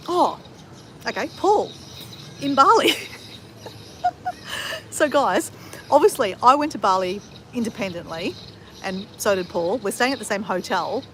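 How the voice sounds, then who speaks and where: A woman's voice: a little high, animated, a little slow, long pauses, sharp tone, a little hiss or hum. A woman of fifty chatting casually on a travel livestream and answering viewers in a rambling, talkative way with frequent swearing. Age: 50s. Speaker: travel vlogger.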